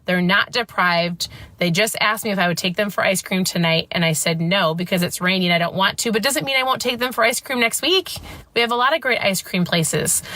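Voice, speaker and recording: A woman's voice: medium pitch, bright, forceful tone. A woman in her thirties hosting a casual talk to camera, emphatic and ranting, often asking "guess what". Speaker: host.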